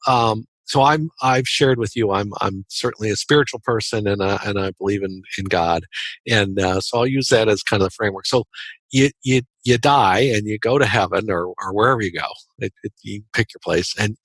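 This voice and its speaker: A man's voice: lowish voice, a little fast, fairly bright tone, dry recording. A man speaking as a podcast guest, telling a story earnestly in conversational interview style and often repeating words as he restarts.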